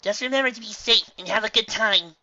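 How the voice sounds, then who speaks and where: Man voicing a motherly storybook pegasus, reassuring, bright, slightly dull lo-fi. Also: high-pitched, fairly quick, pitched above the performer's own voice. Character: warm encouraging pegasus mother.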